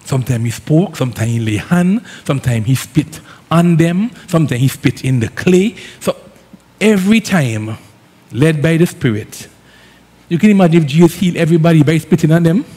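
A man with an Antiguan accent preaching a sermon as a pastor, lively and conversational, with Caribbean phrasing. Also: on the high side, normal speed, breathy edge. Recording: long hall reverb.

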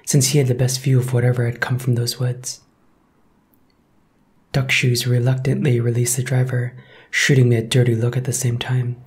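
A man narrating a first-person horror story in a measured, suspenseful way. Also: medium pitch, darkish tone, slight background noise.

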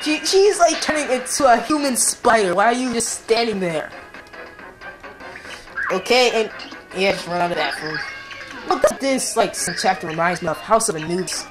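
A woman's voice: on the high side, lively intonation, moderate pace. A woman casually commenting while playing a video game, rambling with many fillers. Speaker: let's play commentator. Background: game music.

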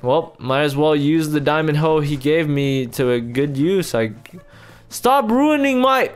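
A young man giving excited gameplay commentary as a YouTuber, talking to his viewers in exasperated, loud outbursts. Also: fairly high pitch, a little slow, clean tone, faint music behind. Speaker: YouTuber playing a video game.

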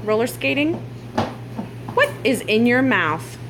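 A woman's voice: a little high, very animated, slow. A mother filming a casual family vlog at home, teasing playfully and laughing often. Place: at home, kitchen. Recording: home video with dishwasher noise.

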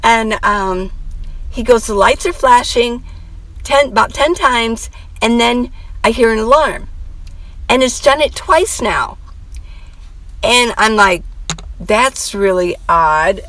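A woman's voice: on the high side, slow pace, long pauses, fairly bright tone, low-quality recording. A middle-aged woman vlogger telling a story in a rambling, chatty way, full of asides and quoted dialogue. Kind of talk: casual storytelling vlog.

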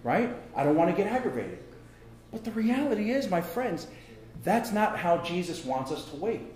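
A man's voice: high-pitched, very animated, normal speed, darkish tone. A man preaching a sermon as pastor, chatty and jokey, checking in with "right?" as he goes. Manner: conversational and jokey, keeps asking "right?". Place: church sanctuary. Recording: echoey church hall.

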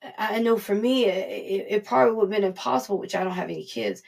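A woman preaching in a casual, earnest way, her voice gravelly with a husky edge. She talks to the congregation directly and slips into little acted voices for the people she quotes. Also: mid-range voice, fast, a little mellow. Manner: informal and earnest, acting out quoted voices, frequent restarts. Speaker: prophetess preaching. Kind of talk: conversational sermon.

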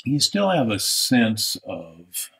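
A man's voice: medium pitch, very animated, takes it slowly, gravelly, a bit bright. A man giving a live online art critique, thinking aloud as he draws, with restarts. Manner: thinking aloud, restarts, talks over drawing on screen. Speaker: art instructor.

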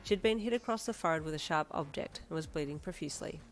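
A woman narrating a second-person fanfiction story with dramatic, expressive delivery. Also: low voice, fast talker, soft background music.

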